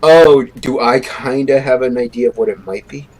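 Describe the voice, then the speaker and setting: A man's voice: medium pitch, normal speed, a little mellow, rough recording. A man bantering playfully in a casual online chat.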